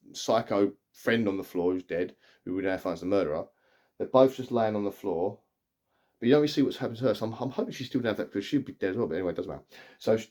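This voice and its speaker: A man's voice: lowish voice, a little mellow. A middle-aged man, chattily retelling a film's plot in a casual review, often restarting his sentences. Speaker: film reviewer. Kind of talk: casual spoken movie review.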